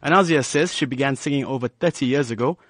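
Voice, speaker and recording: A man narrating a scripted radio news feature in an even, polished delivery. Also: medium pitch, quick pace, no room sound.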